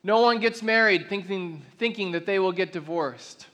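A man with a rather high voice delivers an earnest sermon, slowing into weighty, drawn-out phrases for emphasis. His words ring out with a long reverb, as in a large church auditorium. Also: bright, forceful tone. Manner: earnest, builds to emphatic slow declarations. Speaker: pastor.

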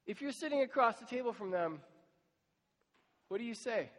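A man's voice: very high-pitched, animated, normal speed. A man preaching a sermon as pastor, talking conversationally and acting out imagined exchanges with people in hard times. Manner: conversational, acts out imagined dialogues. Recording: long church reverb.

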